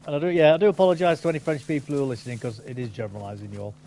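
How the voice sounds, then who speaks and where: A man hosting a gameplay video, chatting casually and bantering with quick questions. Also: mid-range voice, fairly even intonation, dark tone. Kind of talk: casual chat over gameplay.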